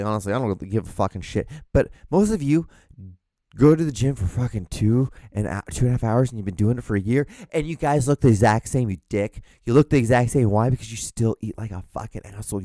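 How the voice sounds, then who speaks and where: A young man hosting a podcast, ranting alone in a small room, swearing constantly and mocking people with quick put-on voices. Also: medium pitch, mellow, no echo. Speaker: podcast host. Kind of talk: profane ranting monologue.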